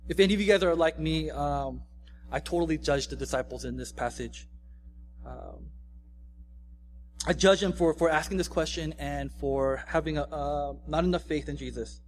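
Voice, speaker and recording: Young male pastor, slightly high voice, casual conversational sermon, faint hum in the recording. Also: moderate pace. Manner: casual, conversational, frequent "right?" tags.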